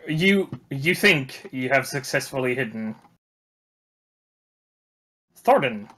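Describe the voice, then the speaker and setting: A man's voice: mid-range voice, slow. Laid-back man running a tabletop game. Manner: relaxed, laughing often, swears casually. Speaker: dungeon master.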